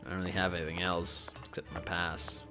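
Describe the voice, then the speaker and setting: A woman's voice: a bass voice, level tone, brisk, over music. A tipsy woman streaming a game, talking to herself with lots of swearing. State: drunk. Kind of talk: casual game commentary.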